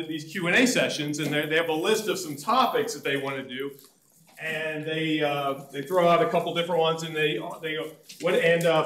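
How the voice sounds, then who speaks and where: A man's voice: fairly high pitch, fairly bright tone, reverberant, a little hiss or hum, rough recording. A man in his fifties, a retired serviceman turned financial advisor, giving a chatty, joking seminar talk to a live audience in a meeting room. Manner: chatty, joking, self-deprecating. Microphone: room mic or no mic.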